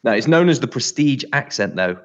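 A man's voice: mid-range voice, animated, a little fast, a bit bright, lo-fi sound. A man co-hosting a podcast, chatting casually and explaining things with plenty of filler words. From United Kingdom. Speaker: podcast co-host.

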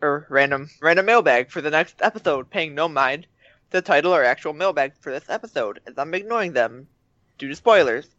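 A tired man co-hosts a podcast late at night, playfully reading out a listener's story as part of casual chat. His voice is on the high side, fairly quick and sharp, with lively intonation. The home mic sounds dull and dry, with no echo.

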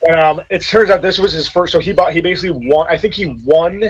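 A man as a podcast guest in casual chat, rambling and animated. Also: fairly high pitch, fast talker, a little hiss or hum. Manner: rambling, animated, many restarts. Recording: dull lo-fi sound.

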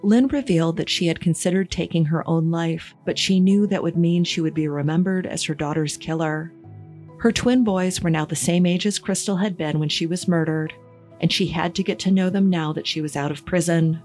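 A woman giving scripted true-crime podcast narration in a measured, even storytelling manner. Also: fairly low pitch, faint music behind.

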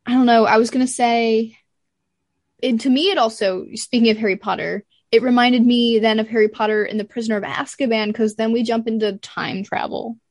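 Fairly high-pitched and a little fast, this woman co-hosts a podcast, chatting casually and retelling scenes with animation. She acts out lines as she recaps, and the studio audio is clean with no echo.

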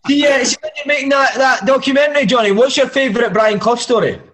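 A man's voice: extremely high pitch, fast talker, a bit bright. A man who plays football, chatting and teasing his friend in casual banter. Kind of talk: casual chat.

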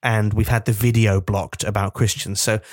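A man's voice: lowish voice, level tone, normal speed, dry recording, studio quality. A man co-hosting a comedy podcast, chatting casually, with lots of fillers and easy laughter. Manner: hesitant, filler-heavy, laughs easily. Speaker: podcast co-host.

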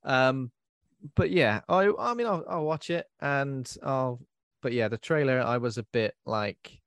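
A man's voice: medium pitch, unhurried, fairly bright tone, no echo, studio quality. A man hosting a casual podcast chat, rambling with fillers and restarts. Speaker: podcast host.

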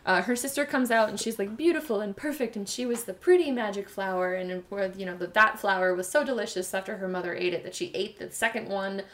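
A young woman chatting casually and retelling a fairy tale in a rambling, animated way. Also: mid-range voice, fast talker, few pauses.

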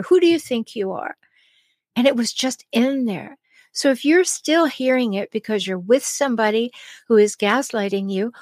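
A woman's voice: fairly high pitch, no room sound. Middle-aged woman hosting a solo podcast. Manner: deliberate, stresses key words with slow pauses. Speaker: podcast host and relationship coach.

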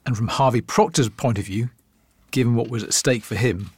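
A man hosting a documentary podcast, narrating in a reflective, measured way. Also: medium pitch, breathy edge. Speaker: host.

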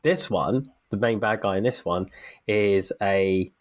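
A man with a lowish voice co-hosts a relaxed podcast chat. He rambles through stories with fillers and false starts, and he sounds like he is just getting over a cold. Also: takes it slowly. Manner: chatty, anecdotal, many fillers and restarts. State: recovering from a cold. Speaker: podcast co-host. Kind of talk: casual chat.

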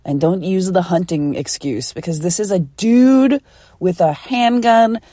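A woman's voice: fairly low pitch, unhurried, dark tone, dry recording, studio quality. Laid-back woman telling a story solo. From Philadelphia, USA. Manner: chatty, laughs often, swears freely. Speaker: podcast host. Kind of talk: casual solo storytelling podcast.

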